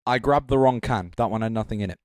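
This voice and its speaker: A man's voice: lowish voice, quick pace, a little mellow, dry recording. Rambling joking man on a stream. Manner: rambling, joking, filler-heavy. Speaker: livestream judge. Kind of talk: casual live-stream commentary. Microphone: handheld mic.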